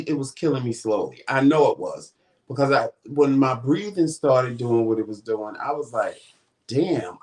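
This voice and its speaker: A man hosting a vlog, casually retelling a story and acting out the quoted dialogue. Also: mid-range voice. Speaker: vlog host.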